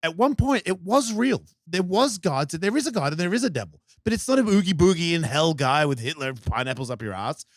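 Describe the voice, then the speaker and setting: A man in his fifties with a fairly high voice, swearing freely as he rambles through a personal story on a podcast. The recording is dry and close, with no room sound at all. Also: lively intonation, fairly quick, few pauses, dry recording. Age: 50s. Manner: blunt, profane, rambling storyteller. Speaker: podcast guest. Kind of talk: casual storytelling chat.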